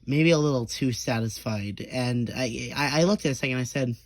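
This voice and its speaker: With a mid-range voice, a little fast and with no room sound, a young man tells a rambling, profane story in casual storytime style. Stammers and restarts are constant, and he slips into short impressions of those he quotes.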